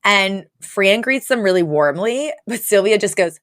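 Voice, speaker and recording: A woman co-hosting a podcast, retelling a sitcom episode in casual chat, animated and full of laughs and filler words. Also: mid-range voice, normal speed, no echo, studio quality. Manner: animated storytelling with frequent laughs and filler likes. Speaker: podcast co-host recapping an episode.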